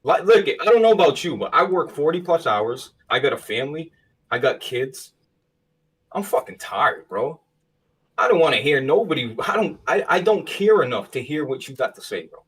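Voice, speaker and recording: Husky-voiced man, distant mic. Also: fairly high pitch, sing-song, moderate pace, fairly bright tone. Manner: blunt, profane, emphatic. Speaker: podcast host. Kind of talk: casual podcast chat.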